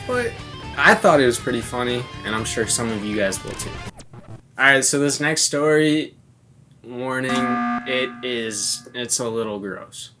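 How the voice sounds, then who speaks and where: A young man vlogging, telling an embarrassing story in a casual, animated way and laughing often, with guitar music playing behind. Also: mid-range voice, measured pace.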